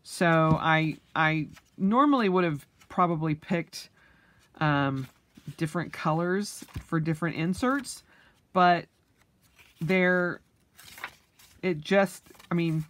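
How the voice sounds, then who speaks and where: Young adult woman vlogger with a low voice, a chatty, halting delivery, and hiccups. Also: a bit bright, slight background noise. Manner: chatty, many ums and restarts. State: has the hiccups. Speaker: planner vlogger. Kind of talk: casual flip-through chat.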